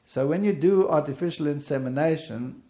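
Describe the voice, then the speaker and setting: A man's voice: on the high side, moderate pace, dark tone. A man sharing his faith testimony as a story, acting out the dialogue as he goes.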